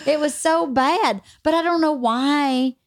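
A woman's voice: high-pitched, takes it slowly, no echo, studio quality. A woman hosting a podcast, chatting casually and telling stories with candid, blunt swearing. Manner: candid, swears freely, animated storytelling. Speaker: podcast host. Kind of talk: casual chat.

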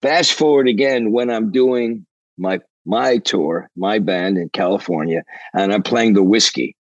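Older man, from Canada, husky, animated, rambling, profane, dry close recording. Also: fairly low pitch, measured pace, no room sound, muffled recording. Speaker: guest, rock drummer. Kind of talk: storytelling interview.

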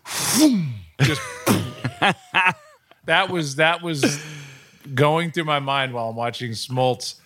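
A middle-aged man hosting a podcast, telling stories in an animated, casual way. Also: fairly high pitch, slow, long pauses. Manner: animated storytelling, acts out quotes. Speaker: podcast host. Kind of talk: casual chat.

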